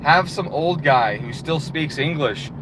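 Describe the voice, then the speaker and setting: A man with a slightly high voice rants, exasperated and profane, letting the swearing pile up as he goes. Street noise and passing traffic sit clearly behind him. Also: lively intonation, measured pace. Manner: heated, profane, exasperated ranting. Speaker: channel host. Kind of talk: profane ranting monologue.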